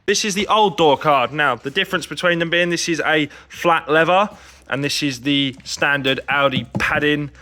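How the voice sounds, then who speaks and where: Bright-voiced man, casual car vlogger who talks you through each job. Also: a little high, moderate pace. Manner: chatty, explains as he works. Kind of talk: casual how-to vlog.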